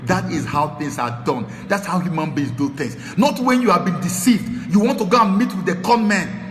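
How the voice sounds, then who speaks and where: A Nigerian man delivers impassioned political commentary as a show host, dropping to low muttering and then rising into shouted tirades. His voice is bright and sharp, and it rings with a long reverb in a roomy space. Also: expressive, moderate pace, faint music behind.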